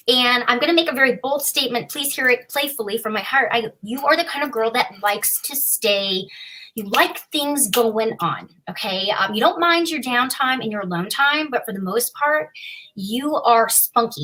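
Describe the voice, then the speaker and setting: A woman's voice: on the high side, rough recording. A woman giving a live psychic reading, chatty and playful. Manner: chatty, playful, warm reassurance. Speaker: psychic reader.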